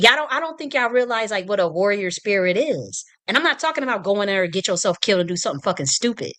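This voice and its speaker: A woman's voice: mid-range voice, expressive, quick pace, few pauses, sharp tone. A woman hosting a livestream, delivering a heated, profane political rant full of restarts and repetition. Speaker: livestream host. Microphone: streaming mic.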